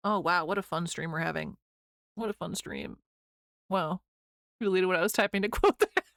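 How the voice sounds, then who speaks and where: A young woman with a light Missouri accent chats loosely with her viewers, rambling from one thought to the next and giggling often. Her voice is bright and forceful. The sound is dry and close, with no room around it. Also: lowish voice, fast, creaky, no echo. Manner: chatty, rambling, giggly, reads chat aloud. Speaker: streamer. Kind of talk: casual chat with stream chat.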